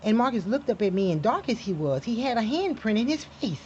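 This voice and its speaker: A woman's voice: a little high, big pitch swings, brisk, a little mellow, dull audio, slight background noise. A woman telling a family story in an angry personal monologue, profane and emphatic, flaring into heated outbursts.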